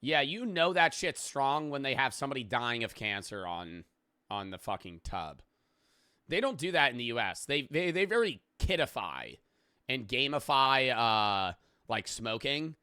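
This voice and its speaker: Bright-voiced excitable young American man. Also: medium pitch, smooth, no echo, clean studio sound. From United States. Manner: excitable, heavy swearing, quick restarts. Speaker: streamer reacting to videos. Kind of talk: casual reaction commentary.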